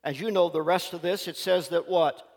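A man preaching a sermon, telling stories in a folksy, animated way before a scripture reading. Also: on the high side, moderate pace, creaky. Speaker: pastor. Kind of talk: sermon with storytelling. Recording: reverberant church hall.

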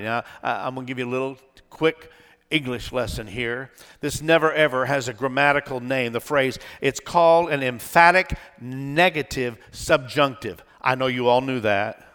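A middle-aged male pastor preaching a sermon, dramatic, swinging from shouts to hushed tones. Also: medium pitch, moderate pace, big-room sound.

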